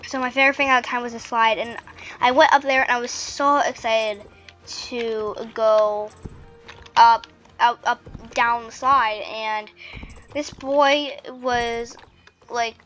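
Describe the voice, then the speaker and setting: A woman's voice: fairly high pitch, steady tone, takes it slowly, fairly bright tone, highs cut off, faint music behind. A woman hosting a gaming channel, telling a childhood story in a rambling, chatty way with lots of "like" and restarts while she plays. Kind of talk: casual storytelling while playing a game.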